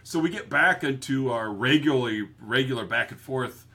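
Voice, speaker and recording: A man co-hosting a movie podcast in casual chat, jokey and quick to laugh, often quoting films. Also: mid-range voice, animated, sharp tone, husky. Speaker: podcast co-host.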